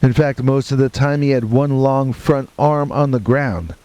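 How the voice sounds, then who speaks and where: With no echo and rain and thunder behind him, a man unhurriedly narrates a horror story in the first person. His medium-pitched voice stays deadpan and matter-of-fact, broken up by wry asides.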